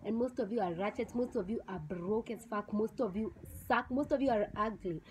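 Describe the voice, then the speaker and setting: A woman's voice: mid-range voice, brisk, darkish tone, a little hiss or hum, poor audio. Blunt young Kenyan woman vlogger. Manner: blunt, scornful, slips into Swahili slang. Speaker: vlogger reviewing a TV show. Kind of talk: casual opinionated review.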